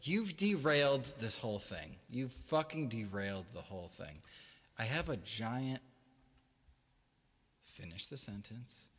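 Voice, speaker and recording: A man's voice: medium pitch, animated, a little slow, a bit bright, breathy edge, big-room sound. A man hosting a casual live stream as a musician. He rambles, swears a lot and laughs between his lines.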